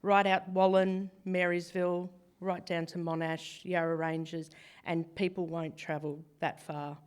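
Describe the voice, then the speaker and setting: Croaky aussie woman talking at a church event, lowish voice. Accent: Australian. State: hoarse from cheering. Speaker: community mental health service speaker. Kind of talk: informal presentation.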